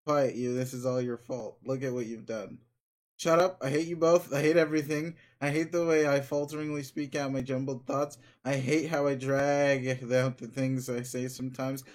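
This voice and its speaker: A fused mutant abomination from a video game, full of self-loathing and bitterness. It stumbles through its words in halting, angry rants, as a man reads it out. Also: medium pitch, flat delivery, darkish tone, lightly acted. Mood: bitter.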